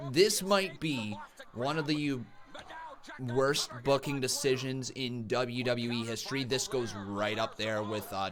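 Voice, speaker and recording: A man hosting a wrestling live stream, giving excitable, ranting reactions and talking straight to his chat. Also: mid-range voice.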